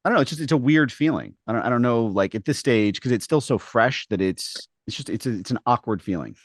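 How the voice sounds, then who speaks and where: A man co-hosting a casual podcast, who talks in an animated way and acts out the voices in his stories. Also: mid-range voice, fast talker, no room sound, clean studio sound. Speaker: podcast co-host.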